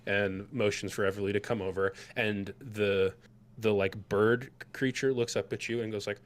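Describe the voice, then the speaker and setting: A man's voice: fairly low pitch, fairly even intonation, normal speed. A man narrating a tabletop game as game master, rambling loosely with many fillers.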